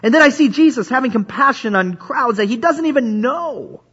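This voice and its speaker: A man's voice: very high-pitched, lively intonation, moderate pace, fairly bright tone, breathy edge. A man preaching a sermon in a conversational way, often repeating himself and restarting sentences. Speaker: pastor. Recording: dull lo-fi recording.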